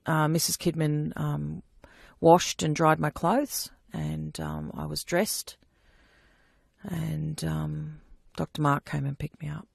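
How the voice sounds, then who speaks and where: A woman recounting personal testimony in a halting way, with frequent fillers and restarts. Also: deep voice, flat delivery, creaky, dry recording, clean studio sound. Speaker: abuse survivor giving testimony.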